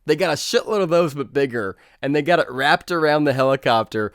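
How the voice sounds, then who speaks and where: A man giving a casual, profane movie review, animated and sarcastic, with frequent swearing and mocking quoted reactions. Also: a little high, normal speed, hardly any pauses, smooth, dry recording, studio quality. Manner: animated, sarcastic, swears freely, mocks scenes in put-on quotes.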